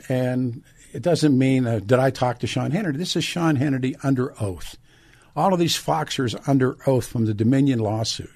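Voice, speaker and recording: Older man, radio talk host, blunt and indignant, mid-pitched voice. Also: vocal fry, darkish tone. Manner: blunt, indignant, rhetorical questions. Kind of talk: talk radio monologue and ad read.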